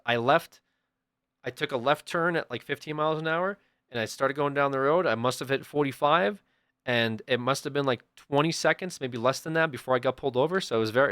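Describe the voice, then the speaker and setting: A man's voice: medium pitch, no echo. Man telling a story in a dry, close voice. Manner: animated, acts out quoted people in sudden loud bursts. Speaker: livestreamer. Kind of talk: casual storytelling to chat.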